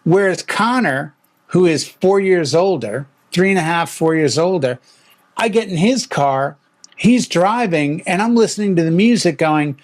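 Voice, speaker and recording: Animated middle-aged male show host. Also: a little high, moderate pace. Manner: animated storyteller, acts out quotes. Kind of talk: casual chat.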